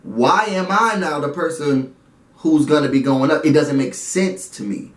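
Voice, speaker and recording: A man casually recapping and reviewing a show episode, animated and chatty with frequent laughs. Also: on the high side, unhurried, reverberant.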